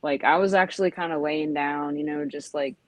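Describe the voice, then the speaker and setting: A woman's voice: deep voice, fairly even intonation, a little fast, no echo, rough recording. A woman in her forties telling a rambling story in casual chat, full of "you know" and "like", acting out yelps. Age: 40s. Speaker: podcast host.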